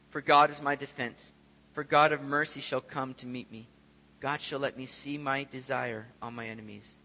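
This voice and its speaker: With a long hall reverb around him, a man in a fairly high, pushed, bright voice preaches as pastor. He talks to the congregation conversationally and asks them rhetorical questions.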